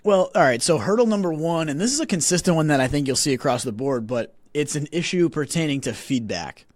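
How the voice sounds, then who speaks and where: A young man in his twenties hosts a casual studio podcast, his voice sitting a little high for a man. He talks in an animated way and stumbles over repeated words as he gets going. The sound is dry and close, with no room around it. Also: brisk, dry recording. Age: 20s. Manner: animated, repeats words when starting sentences. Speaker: podcast host.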